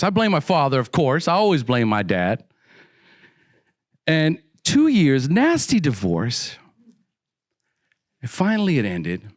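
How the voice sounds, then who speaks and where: Recorded dry in a clean studio, a middle-aged man dramatically narrates his recovery story for an audience. He takes on the voices of the people in it, his pitch swinging sharply as he acts out their dialogue.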